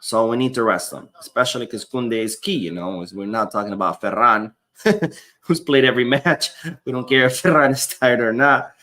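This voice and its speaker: A man's voice: medium pitch, normal speed, pushed and bright. A man hosting a live football watchalong, casually reading viewer comments and giving opinionated, rambling takes. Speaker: livestream host reading chat.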